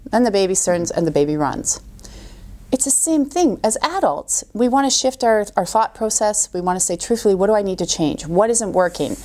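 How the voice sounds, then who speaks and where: A middle-aged woman talking as a podcast guest, an animated storyteller who acts out quoted voices. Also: medium pitch, normal speed. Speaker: guest coach. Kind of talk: podcast interview.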